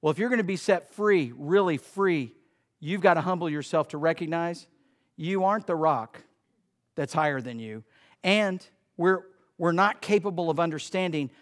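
Preaching man with a high voice. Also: moderate pace. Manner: preachy, shifts between loud emphasis and quiet asides. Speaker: pastor. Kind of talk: sermon. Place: church sanctuary.

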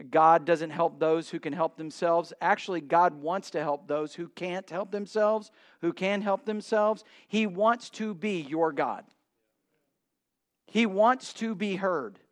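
Male pastor with a high voice, preaching to a congregation in a chatty, conversational way. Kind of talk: sermon.

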